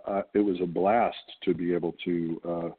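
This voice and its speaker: A middle-aged man from the United States speaks in a very low, husky voice, musing his way through answers with frequent ums and restarts. The sound is thin and phone-like, as if over a narrow line. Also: little pitch movement. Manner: thoughtful, halting, many fillers and restarts. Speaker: actor guest. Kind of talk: casual interview talk.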